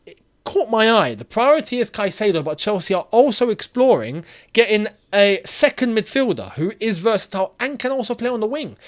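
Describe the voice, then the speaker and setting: A man hosting his own football channel, chatting casually and animatedly and laughing often. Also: sits high. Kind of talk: casual football chat vlog.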